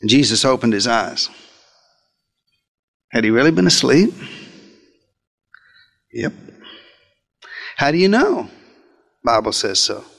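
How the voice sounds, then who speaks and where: A man preaching a sermon, retelling a story in the first person with dramatic swings between loud emphasis and quiet asides. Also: mid-range voice, very animated, slow pace, vocal fry, pauses often. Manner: dramatic storytelling, speaking as a disciple.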